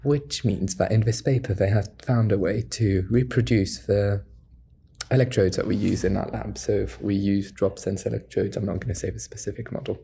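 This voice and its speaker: A man co-hosting a student podcast in casual chat, relaxed and quick to laugh, with hesitant fillers when he explains research. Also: fairly low pitch, gravelly, a little hiss or hum. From half French. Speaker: podcast co-host.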